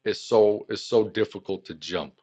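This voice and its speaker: A man who is a guest on a podcast, talking casually and relaxed, with lots of "like" and "you know". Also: fairly low pitch, normal speed, slightly rough. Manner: relaxed, filler-heavy talk with "like" and "you know".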